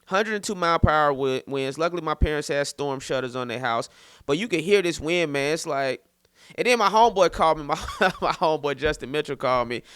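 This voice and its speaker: With a brisk pace and a clear, resonant, somewhat high voice, this podcast host, a thirtysomething comedian from St. Petersburg, Florida, tells a casual story. He's lively and loose, acting out quotes and repeating words. The studio sound is clean, with no echo.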